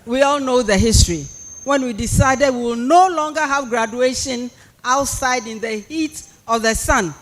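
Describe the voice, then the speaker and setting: A man's voice: very high voice, normal speed, fairly bright tone. A man with a Ghanaian accent giving a public speech and reading a prepared address at a university policy lecture, with emphatic, repeated phrasing. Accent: Ghanaian English. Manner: emphatic, repetitive oratorical phrasing.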